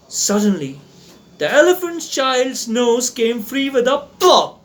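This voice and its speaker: A man's voice: very high-pitched, sing-song, slow. A man reading a classic children's story aloud as narrator, sing-song and explaining words for young listeners.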